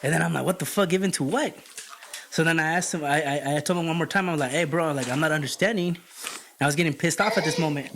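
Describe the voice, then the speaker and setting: Man, casual podcast storyteller, slightly higher voice, swears a lot, faint hiss behind. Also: fast, vocal fry. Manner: animated, heavy swearing, retells dialogue. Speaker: podcast co-host. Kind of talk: casual storytelling among friends.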